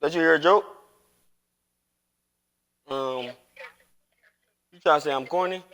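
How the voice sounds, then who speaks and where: A man's voice: a little high, slow pace, sharp tone. A man chatting casually while gaming on a live stream, rambling and teasing with lots of profanity. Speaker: streamer and father.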